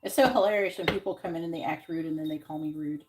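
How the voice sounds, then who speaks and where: A woman runs a live tarot reading in a blunt, defensive way and swears freely. While she shuffles she repeats her questions over and over in a chanting rhythm. Loud constant noise sits under her voice. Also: low-pitched, quick pace. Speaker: tarot reader.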